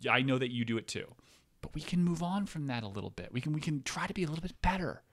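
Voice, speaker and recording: A man's voice: a little high, lively intonation, fast talker. A man ranting casually to his viewers from a chair, swearing often, rambling and cutting himself off. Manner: profane, rambling, self-interrupting. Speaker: vlogger. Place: seated indoors in a chair.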